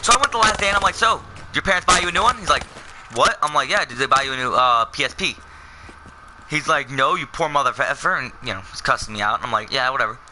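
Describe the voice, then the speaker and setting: A man's voice: fairly high pitch, noisy background. Rambling young man telling a story. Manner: rambling, self-correcting, full of fillers. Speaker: vlogger. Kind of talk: casual storytelling.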